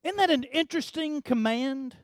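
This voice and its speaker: Preaching at normal speed, a male pastor moves from quiet, low stretches to loud, emphatic climaxes, repeating words as the intensity builds. The recording is dry and studio quality.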